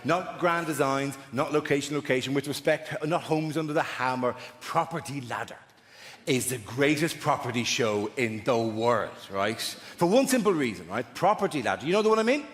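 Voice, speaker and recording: A man's voice: mid-range voice, lively intonation, moderate pace. A man doing a stand-up routine in a large theatre, chatty and teasing the crowd. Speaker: stand-up comedian. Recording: roomy theatre, loud audience noise. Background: audience laughter.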